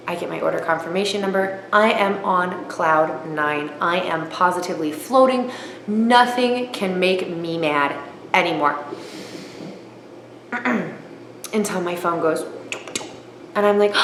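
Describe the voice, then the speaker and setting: A woman spins a comic vlog story in a middle-pitched voice, self-mocking and animated, and her pitch leaps when she quotes herself. The room around her is roomy and echoing, with a faint hiss underneath. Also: unhurried. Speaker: aquarium hobbyist vlogger. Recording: roomy echo with faint noise.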